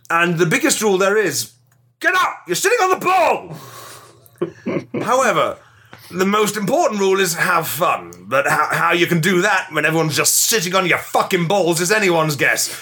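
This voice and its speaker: Man voicing a pompous know-it-all golf expert, bright and animated, rambles and swears. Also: fairly high pitch, breathy edge, exaggerated voice. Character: blustering self-styled male golf expert. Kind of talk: improvised comedy character.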